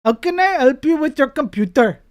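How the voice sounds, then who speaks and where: A man's voice: very high-pitched, lively intonation, fairly quick, voice pushed up. A man putting on a put-on Indian accent as an overly polite tech support man. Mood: mock-polite.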